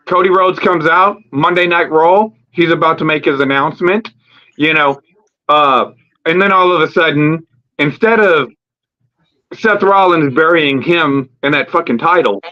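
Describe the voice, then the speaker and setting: A man hosting a live wrestling talk stream, ranting casually and profanely about storylines, rambling with fillers and acting out quick promo bits. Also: on the high side, sharp tone. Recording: lo-fi streamed audio.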